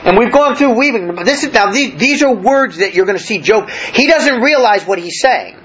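A man's voice: high-pitched, lively intonation, normal speed, fairly bright tone, lo-fi sound. A man preaching a sermon, reading verses aloud and explaining them in a plain, conversational way with many restarts. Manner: reads scripture aloud then explains it in plain talk. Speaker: pastor.

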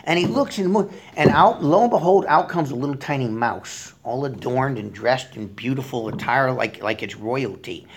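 Rambling woman teaching scripture, lively pitch. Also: normal speed, hardly any pauses. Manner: rambling, with many fillers and restarts. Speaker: Bible teacher. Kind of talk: informal sermon teaching.

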